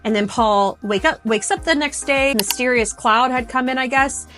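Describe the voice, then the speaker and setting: A woman's voice: high voice, normal speed, bright, forceful tone, soft background music. A young woman, a vocal coach, chatting in a bubbly, rambling way with lots of "like" as she reacts to a musical. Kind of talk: casual reaction chat.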